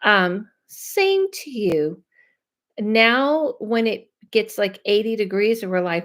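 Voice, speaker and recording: Woman live-streaming, loud and chatty, slow unhurried pace, mid-pitched voice, from los angeles. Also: lively intonation. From Los Angeles, USA. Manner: loud, chatty, trails off and restarts, laughs often. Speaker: psychic medium streaming live. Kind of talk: casual live-stream chat reading viewer comments.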